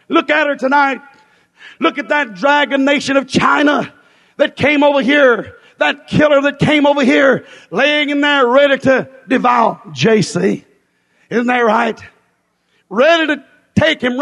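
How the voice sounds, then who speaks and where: A man preaches a fiery revival sermon in a strikingly high, gravelly voice, shouting repeated phrases in rhythmic bursts that rise and fall. His voice echoes through a church hall with a long, reverberant tail.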